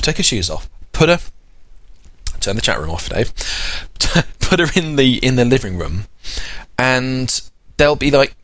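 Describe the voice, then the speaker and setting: A man's voice: mid-range voice, sing-song, normal speed, fairly bright tone. A man in his thirties hosting a podcast, rambling chattily and correcting himself along the way. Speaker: podcast host. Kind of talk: casual chat.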